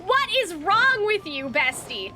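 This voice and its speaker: A young woman streaming a video game, who rambles excitedly, screams a lot, and peppers her talk with like and bestie. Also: extremely high pitch, measured pace. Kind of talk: casual live gameplay commentary. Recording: home streaming mic with game music playing.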